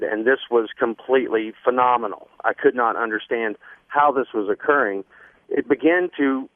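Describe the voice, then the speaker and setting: A man guest earnestly telling a long personal story on a radio show, halting often with fillers. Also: mid-range voice, no echo. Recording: dry phone line.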